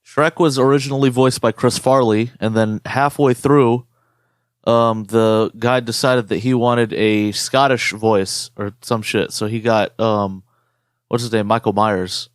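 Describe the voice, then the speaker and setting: A man's voice: medium pitch, a little slow, clean tone, no echo, studio quality. A man co-hosting a podcast in casual chat, swearing freely and putting on movie voices as he tells stories. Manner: profane, animated storyteller who imitates movie voices. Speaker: podcast co-host.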